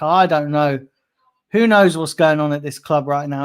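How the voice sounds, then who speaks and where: A fan channel host rants through his livestream in a smooth voice that sits on the high side, speaking at normal speed. He curses constantly and repeats himself angrily as he reads from the chat.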